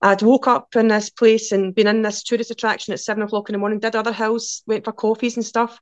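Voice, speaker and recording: A Glaswegian woman in her forties, a podcast guest telling casual, lively stories in quick run-on anecdotes. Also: on the high side, no echo, lo-fi sound. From Scotland. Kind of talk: casual storytelling.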